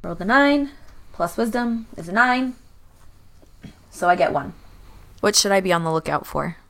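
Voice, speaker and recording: A hoarse woman playing a tabletop game, chatty and planning her character's moves aloud. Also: medium pitch, expressive, normal speed, a bit bright. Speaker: player.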